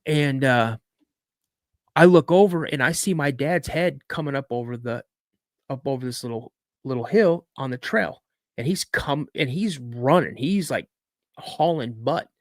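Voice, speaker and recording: A man's voice: medium pitch, measured pace, no room sound, clean studio sound. A man in his fifties, a podcast guest telling a personal story in a chatty way with many asides. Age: 50s. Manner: conversational, frequent "you know".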